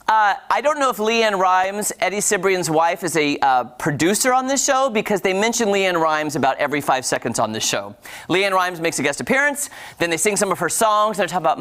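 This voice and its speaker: Chatty woman reviewing shows on morning TV. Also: lowish voice. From Texas. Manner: chatty, animated, talks straight to viewers. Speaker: TV entertainment reviewer. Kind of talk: casual morning-show review.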